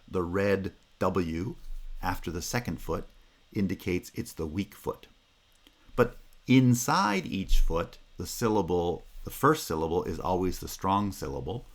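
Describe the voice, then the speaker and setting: A man with a very low voice lectures step by step through his slides. He speaks patiently and methodically, repeats key terms and now and then asks "Right?" to check that students are following. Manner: occasional filler "uh" and checking "Right?". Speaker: linguistics lecturer. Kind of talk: recorded lecture explaining slides.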